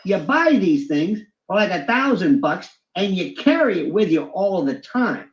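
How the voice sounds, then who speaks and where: A man's voice: very animated, moderate pace, few pauses. A man telling stories as a guest, often breaking into mimicking voices. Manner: swings into high mimicking voices. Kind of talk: animated storytelling with impressions. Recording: echoey, dull lo-fi sound.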